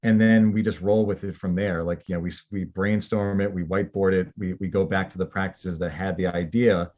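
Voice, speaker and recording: A man's voice: deep voice, steady tone, a little fast, lo-fi sound. A man appearing as a company guest on a podcast, talking loosely and casually with plenty of "like" and "you know" fillers.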